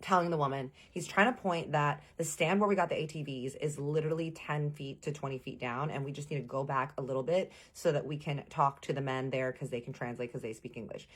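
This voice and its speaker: A woman telling a casual storytime to viewers, animated and acting out the quoted lines. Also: low-pitched, fairly quick, few pauses. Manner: addresses viewers as "y'all".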